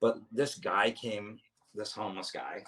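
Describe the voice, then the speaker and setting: A man's voice: on the low side, steady tone, measured pace, a bit bright. A man, a comedian guest, telling stories in a casual chat, rambling, restarting and swearing freely. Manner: rambling, self-interrupting storyteller, swears freely.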